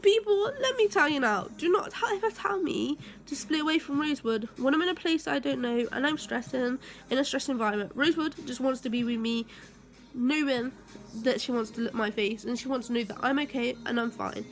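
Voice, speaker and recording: A woman's voice: high voice, a little fast. A young woman telling a rambling story to her vlog viewers, with many fillers and heated bursts. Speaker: vlogger.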